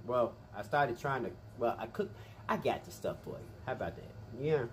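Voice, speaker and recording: A man hosting an eating vlog, chatting casually and very quickly with lots of energy. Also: medium pitch, a little hiss or hum. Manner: rapid, animated, chatty, says he talks fast. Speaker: mukbang host.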